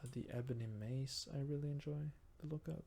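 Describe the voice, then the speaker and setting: A man's voice: fairly high pitch, fairly even intonation, brisk, gravelly, warm tone. A man whose first language is Norwegian, murmuring his thoughts aloud and musing in a self-deprecating way while he plays a game. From Norway. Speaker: gamer. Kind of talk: casual gameplay commentary.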